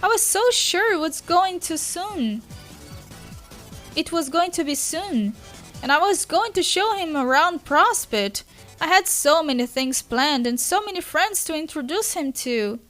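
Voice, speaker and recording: A woman's voice: very high voice, expressive, unhurried, a bit bright, soft background music, full character voice. A woman with a Brazilian Portuguese first language voicing a weepy teenage girl sprite who breaks into sobbing boo-hoo cries.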